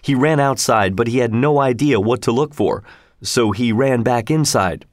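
A man's voice: mid-range voice, dry recording. Man narrating a storybook, dry sound. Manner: steady, measured reading.

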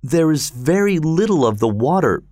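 A man's voice: a little high, sing-song, normal speed, darkish tone, dry recording, studio quality, voice pushed up. A man voicing a selfish young nobleman who speaks with false devotion, in an audiobook story. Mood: falsely earnest.

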